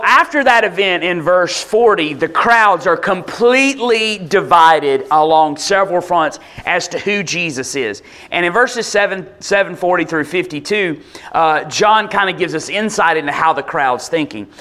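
A man preaches in an easy, conversational way, keeping his explanations casual. His voice sits a touch high for a man, and he slips into quoted voices as he tells the story. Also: pushed and bright. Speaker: pastor. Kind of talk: sermon.

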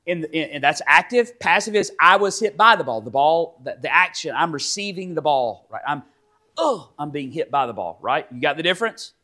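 A male pastor preaching a sermon, animated and teaching, with sudden loud emphatic rises and frequent restarts. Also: on the high side, normal speed. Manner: many repeated restarts and fillers. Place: church sanctuary.

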